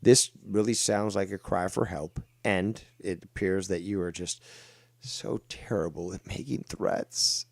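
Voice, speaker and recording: A man's voice: sits low, fairly even intonation, unhurried, vocal fry, faint music behind. A man commenting on online drama during a livestream, mocking, sarcastic and full of profanity.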